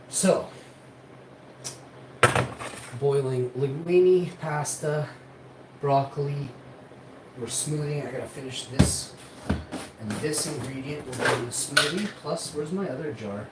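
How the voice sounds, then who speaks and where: A man's voice: medium pitch, unhurried, distant mic. Man from Canada, casual rambling vlog talk, sure of himself, recorded from across a roomy kitchen, noisy background. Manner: rambling, complaining, self-assured. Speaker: streamer. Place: home kitchen, cooking. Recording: echoey room, voice off-mic, background noise.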